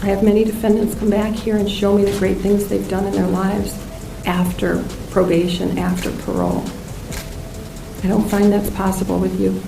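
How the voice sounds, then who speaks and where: A woman judge with a gravelly voice delivers a sentence firmly and deliberately. The audio is distant and echoing, with loud music under it. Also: mid-range voice, flat delivery. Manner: firm, deliberate pronouncement. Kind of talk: courtroom sentencing. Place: courtroom. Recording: echoey courtroom audio, far from mic.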